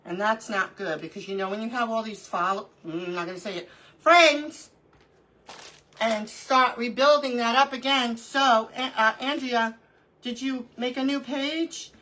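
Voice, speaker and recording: A woman's voice: on the high side, normal speed, low-quality recording. A middle-aged woman hosting a live crafting stream, chatting casually and telling stories with frequent laughter. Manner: animated storyteller, laughs often. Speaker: craft livestream host.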